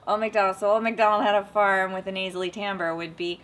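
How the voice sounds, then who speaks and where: Bright-voiced animated woman. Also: mid-range voice, fast talker, slight background noise, poor audio. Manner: animated, self-mocking, breaks into short singing demos. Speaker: interviewee, voice actor and dialect coach. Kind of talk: casual interview with playful demonstrations.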